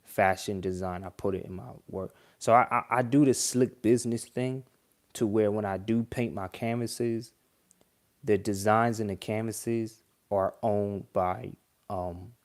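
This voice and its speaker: A man's voice: on the low side, fairly even intonation, unhurried, darkish tone. A young man hosting a livestream, giving casual, rambling reaction commentary full of slang and restarts.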